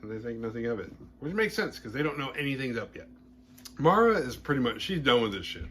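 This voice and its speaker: A horror podcast host recaps a movie's plot fast, in a casual, animated, and playfully vulgar manner. His voice is mid-range, and there's slight noise in the background.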